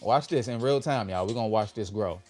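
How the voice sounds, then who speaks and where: A man with hosting a motivational livestream, leading affirmations with his audience in an upbeat, drawn-out way. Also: fairly low pitch, a little mellow. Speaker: livestream host.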